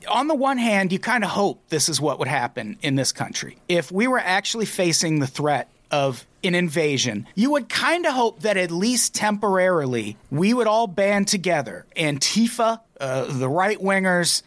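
A man's voice: high-pitched, sing-song, moderate pace, few pauses, a bit bright. A man hosting a podcast in casual chat, with a wry, sarcastic manner. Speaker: podcast host.

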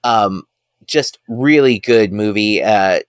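A man with a lowish voice speaks slowly and cleanly in a dry, studio-quality recording. Co-hosting a podcast, he chats casually, wanders off with lots of fillers, and shows enthusiasm for films.

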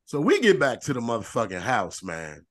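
A man co-hosting a podcast, telling a long profane story in animated, repetitive bursts. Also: medium pitch, normal speed. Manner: profane, animated storyteller who repeats phrases. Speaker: podcast co-host. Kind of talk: casual storytelling chat.

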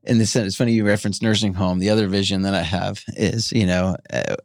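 A man's voice: low-pitched, steady tone, quick pace, no echo, clean studio sound. A middle-aged man hosting an interview show, chatting enthusiastically and tagging sentences with "right?". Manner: enthusiastic, peppers speech with "right?". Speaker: podcast host. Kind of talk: casual chat.

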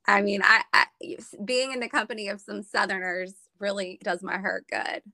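A woman's voice: mid-range voice, moderate pace, vocal fry, sharp tone, a little hiss or hum. A woman from Florida chatting casually and telling stories about her family, with many restarts. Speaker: guest. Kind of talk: casual chat. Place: Northern Virginia.

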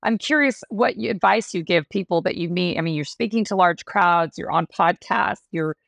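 A woman's voice: on the low side, normal speed, gravelly, a bit bright, dry recording. A woman hosting a podcast, effusive with praise and asking long, winding questions. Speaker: podcast host. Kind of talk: interview podcast.

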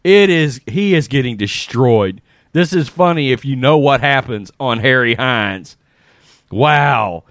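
A man giving casual, animated commentary, reading social media posts aloud with frequent laughs and exclamations. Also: mid-range voice, takes it slowly, no room sound, studio quality.

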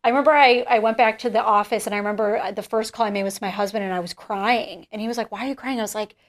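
A woman podcast host and business founder telling a story in casual chat, animated and full of "like", swearing freely. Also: mid-range voice, racing.

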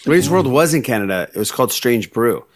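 A man's voice: mid-range voice, sing-song, brisk. A man co-hosting a podcast, joking and swearing freely, laughing often in casual banter. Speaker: podcast co-host.

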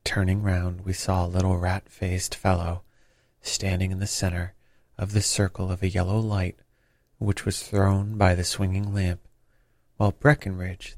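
A man narrating a classic detective story in a measured, even storytelling manner. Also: sits low, creaky, dry recording. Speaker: audiobook narrator.

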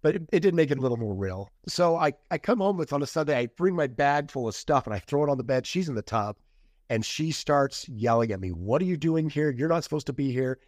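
Middle-aged man, podcast guest, candid storytelling, mid-pitched voice, dry close sound. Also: animated, brisk, darkish tone, dry recording. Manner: candid, acts out quoted dialogue. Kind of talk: casual interview storytelling.

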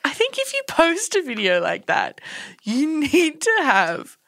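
A woman's voice: high-pitched, huge pitch swings, unhurried, fairly bright tone, no room sound. A young adult woman co-hosting a podcast, talking in a blunt, jokey way. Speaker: podcast co-host. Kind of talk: casual chat.

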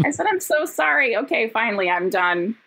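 A woman, a podcast guest and actress, telling stories in casual chat, animated and laughing, with quick asides. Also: on the high side, vocal fry, poor audio. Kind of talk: casual storytelling.

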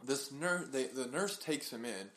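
A man's voice: mid-range voice, measured pace. Young man telling a story on a podcast. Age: young adult. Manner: animated storyteller acting out quoted people. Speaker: podcast co-host. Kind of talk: casual storytelling chat.

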